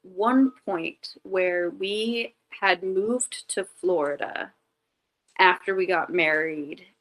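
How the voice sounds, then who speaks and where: A woman sits as a guest, talking candidly through a personal story. Her voice sits a little low, and she leans on "like" and restarts in a loose, chatty flow. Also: takes it slowly, fairly bright tone, rough recording. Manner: chatty, full of "like" fillers and restarts; candid and reflective. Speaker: podcast guest. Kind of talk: casual storytelling in an interview.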